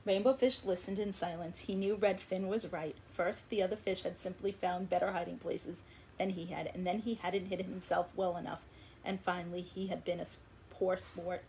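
A woman librarian hosting a children's story time, reading a picture book aloud with expressive, kid-friendly delivery. Her voice sits a bit low for a woman, with faint background noise. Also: moderate pace. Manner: warm, expressive read-aloud for kids.

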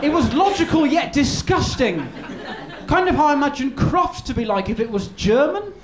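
A stand-up comedian tells a rambling story live, stammering and restarting, in an extremely high, sing-song voice at a moderate pace. The comedy venue sounds echoey, with crowd noise and other noise in the room.

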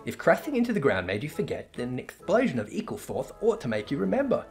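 A man's voice: a little high, wildly swooping pitch, quick pace, faint music behind, pitched above the performer's own voice. A man voicing a bubbly, trigger-happy young female assistant in a perky, eager, raised voice for a fantasy game read-through.

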